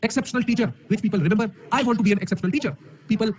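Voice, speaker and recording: An online coding teacher with an Indian English accent livestreams to an audience from a room by himself, using a camera mic. His voice sits high with a darkish tone, and he talks very fast and energetically, packing in emphatic rhetorical questions.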